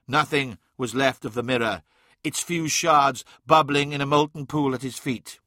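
A man reads a dark fantasy audiobook with dramatic intensity, his voice swelling on moments of fire and falling hushed on sorrow. The tone is bright and forceful, recorded close and dry with no room sound. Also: mid-range voice, normal speed, no echo. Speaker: audiobook narrator. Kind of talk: scripted dramatic narration.

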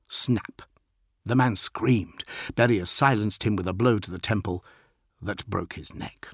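A man narrating an audiobook in a steady, dramatic reading. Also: on the low side, measured pace, no echo, clean studio sound.

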